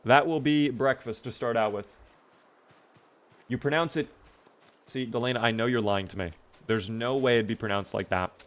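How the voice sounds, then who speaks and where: Chatty man, mid pitch, easygoing game streamer talking to chat. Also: normal speed, long pauses. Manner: upbeat, chatty, talks to himself and chat. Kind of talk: live gameplay commentary, chatting with viewers.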